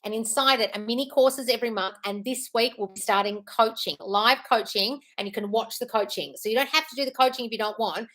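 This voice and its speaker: This is a woman running a casual live stream for her viewers. She chats in a loose, scattered way and keeps apologizing to the audience. Her voice sits slightly high. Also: fairly quick, hardly any pauses, a bit bright. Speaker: manifestation coach hosting a live stream.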